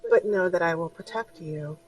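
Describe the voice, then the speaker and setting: A gentle, compassionate spirit, as a woman game master puts her on speaks in a soft, hushed voice, calm and caring. The sound has a slightly distant quality, as if the voice sits back from the mic. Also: on the low side, moderate pace, a little hiss or hum, close to an everyday voice. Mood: gentle, soothing. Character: kind feminine spirit voice, guiding and compassionate.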